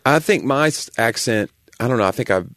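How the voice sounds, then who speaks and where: Animated Southern man ranting. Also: mid-range voice, fairly quick, dry recording, studio quality. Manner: animated, ranting, builds to exasperated. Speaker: comedian and podcast host. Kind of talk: casual chat.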